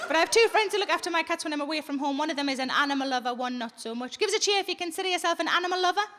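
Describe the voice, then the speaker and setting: A woman's voice: high voice, animated, racing, a bit bright, some chatter behind. A woman comedian, telling blunt, sweary stories in a live stand-up set. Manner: blunt, sweary, conversational storytelling. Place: theatre stage, live audience.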